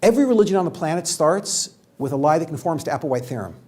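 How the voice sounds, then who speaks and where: A man lecturing as a rabbi to students, animated and joking, firing rhetorical questions at the room. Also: on the high side, fast talker. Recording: very echoey room, mic at a distance, faint background hum.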